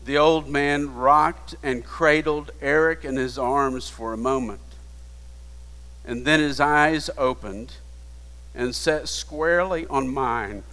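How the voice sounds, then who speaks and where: A man preaching a sermon, retelling a story in a hushed voice that builds to emphatic appeals. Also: mid-range voice, slow. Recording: long hall reverb.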